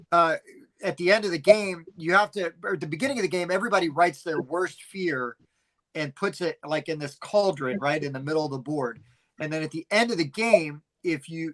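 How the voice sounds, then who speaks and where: A middle-aged man co-hosting a casual chat, telling rambling, animated stories with plenty of fillers. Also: a little high, low-quality recording. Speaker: podcast co-host.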